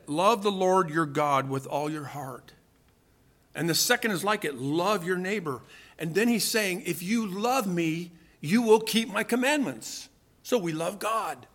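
Male preacher, emphatic sermon delivery, rhetorical questions, high bright tone. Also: lively intonation, measured pace. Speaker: pastor.

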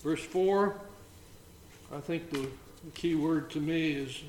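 A man leading an informal Bible study, reading scripture aloud between halting comments. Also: fairly high pitch, darkish tone. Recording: roomy echo, faint background noise.

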